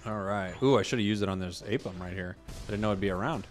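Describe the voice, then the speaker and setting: A man hosting a gaming video, chatting casually about his matches and bursting into loud excitement at big plays. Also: on the low side, quick pace, faint music behind. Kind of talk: casual gameplay commentary.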